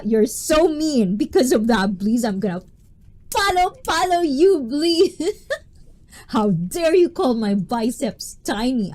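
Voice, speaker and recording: A woman with a dark, mid-range voice hosts a casual livestream. She's playful and talkative, reading viewers' messages aloud and laughing often.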